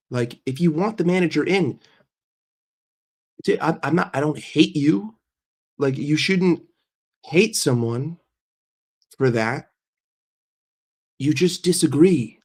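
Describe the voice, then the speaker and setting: A man's voice: on the high side, a little mellow, slightly rough. A man hosting a casual livestream while sick and congested, chatting with viewers, greeting them by name and often repeating himself. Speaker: livestream host.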